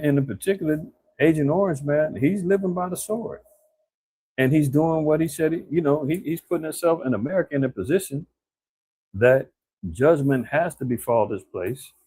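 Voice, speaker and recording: A man's voice: mid-range voice, a little mellow, no room sound, rough recording. A man giving a casual, conversational scripture commentary on current events, talking colloquially and often tossing in "man" and "right?". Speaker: preacher.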